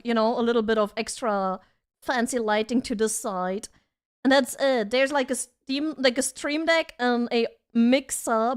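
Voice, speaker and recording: Young woman, high voice, giggly casual streamer chatting from her desk. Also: clean tone. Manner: bubbly, giggly, reads chat aloud. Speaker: vtuber streamer. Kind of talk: casual live-stream chat. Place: home desk setup.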